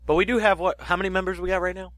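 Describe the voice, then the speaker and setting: A man's voice: high voice, level tone, rapid-fire, fairly bright tone, no echo. A teenage man from Canada, co-hosting a podcast in casual chat, telling school stories with animation and teasing his friend. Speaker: podcast co-host.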